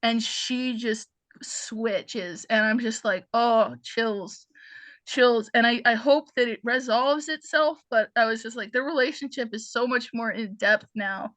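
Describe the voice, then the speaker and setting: A woman panelist on a casual review show, with a bright, somewhat high voice. She talks in an emotional, expressive way. The sound is dry and close. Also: unhurried, dry recording. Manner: emotional and expressive, laughs often. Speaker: panelist, freelance journalist.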